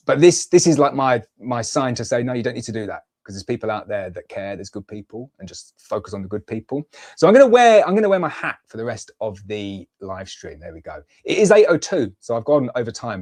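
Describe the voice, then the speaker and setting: A man's voice: on the low side, a little mellow. A man from the UK in his thirties, hosting a beekeeping livestream in a rambling, heartfelt way full of fillers and restarts. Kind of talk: casual livestream chat.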